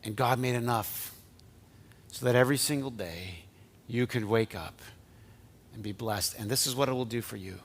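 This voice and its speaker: A male pastor giving a conversational sermon, now and then dropping to soft, near-whispered lines. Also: medium pitch, normal speed, long pauses.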